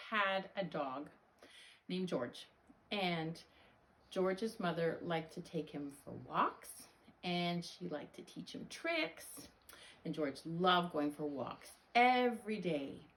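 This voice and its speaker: A woman reading a picture book aloud to children, animated and expressive, talking straight to her young listeners. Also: fairly low pitch, slow pace. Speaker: children's storyteller.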